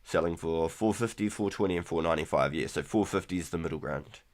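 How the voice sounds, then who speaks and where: A man in his thirties casually chatting through a live game stream, relaxed and rambling, with keyboard clicks behind him. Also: sits low, fast talker. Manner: relaxed, rambling, repeats words. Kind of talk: casual gameplay commentary.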